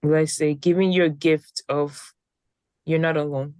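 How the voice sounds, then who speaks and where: A woman's voice: low voice, level tone, measured pace, a little mellow, clean tone, no echo. Tired young woman podcast host, dry sound. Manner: rambling, restarts often, tired. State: tired, yawning. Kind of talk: casual podcast chat.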